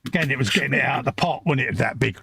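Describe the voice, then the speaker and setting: A man's voice: medium pitch, racing, creaky, music in the background. A middle-aged man co-hosting a live stream, chatting in a laid-back way and reading out viewer comments. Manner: laid-back, matter-of-fact banter.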